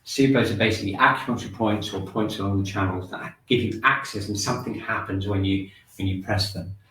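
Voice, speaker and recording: A man teaching a shiatsu and qi gong class, talking students through breathing and tapping with calm, gentle prompts. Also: on the low side, brisk. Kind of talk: guided exercise class. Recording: echoey room, mic at a distance.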